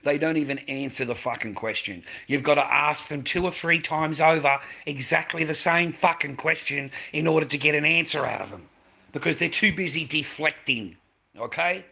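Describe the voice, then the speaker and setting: A man's voice: a little high, normal speed, vocal fry, bright, forceful tone. An Australian man ranting in a casual, blunt way, swearing a lot and repeating "mate". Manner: blunt, repetitive, swearing, keeps adding "mate". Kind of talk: casual profane rant.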